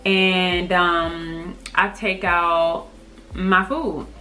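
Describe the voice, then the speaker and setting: A woman's voice: lowish voice, drawn-out words, a little hiss or hum. Sassy, blunt woman telling a story. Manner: sassy, blunt and animated, acting out quotes. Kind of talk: casual storytime vlog. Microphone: camera's built-in mic.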